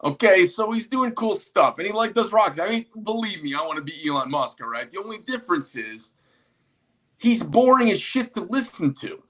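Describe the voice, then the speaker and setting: A man's voice: high-pitched, big pitch swings, normal speed, fairly bright tone. A man who owns a small knife company, ranting casually with lots of profanity and rambling asides. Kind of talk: casual rant to camera.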